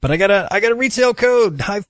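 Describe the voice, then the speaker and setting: A man chatting casually about video games, relaxed and hesitant with many pauses and fillers. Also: high voice, no echo. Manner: laid-back, hesitant, many uhs. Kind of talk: casual gaming chat.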